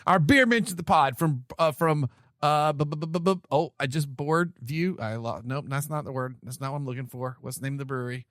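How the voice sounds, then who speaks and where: A man hosting a casual podcast chat, talking in an animated, rambling way and often correcting himself mid-sentence. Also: fairly high pitch, brisk, no room sound, clean studio sound. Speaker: podcast host. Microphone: remote call mic.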